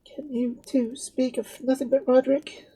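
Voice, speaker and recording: A man voicing a delicate, anxious young woman in a high, breathy falsetto. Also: animated, normal speed, mellow. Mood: impatient.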